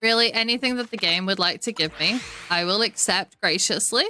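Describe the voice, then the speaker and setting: Bright-voiced woman chatting on a live game stream. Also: medium pitch, fairly quick, slight background noise. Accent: New Zealand. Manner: relaxed, chatty, laughs often, talks to her dog. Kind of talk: casual chat while gaming.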